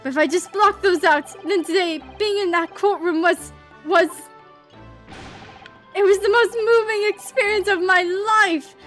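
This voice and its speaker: A woman's voice: extremely high pitch, unhurried, a bit bright, soft background music, voice pushed up. A woman voicing a melodramatic, gloomy young male writer with theatrical, despairing outbursts in a game. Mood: gushing.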